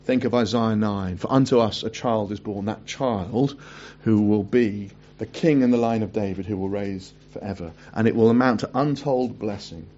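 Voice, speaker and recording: A man preaching a sermon, reading scripture aloud and breaking off for chatty asides and quick self-corrections. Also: fairly low pitch, warm tone, lo-fi sound.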